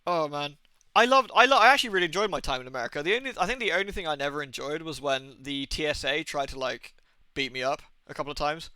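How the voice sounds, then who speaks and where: Streaming a game, this thirties-aged man from Britain rambles casually, telling anecdotes and swearing freely. He talks fast in a bright, forceful, slightly high voice with a clean tone. The audio is close and dry, with no room sound.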